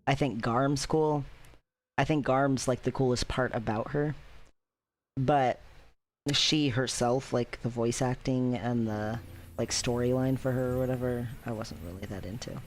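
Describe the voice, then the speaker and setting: A man's voice: mid-range voice, fairly even intonation, measured pace. A man chatting casually over his own game playthrough, wry and offhand. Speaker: gamer, channel host. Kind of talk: casual let's-play commentary.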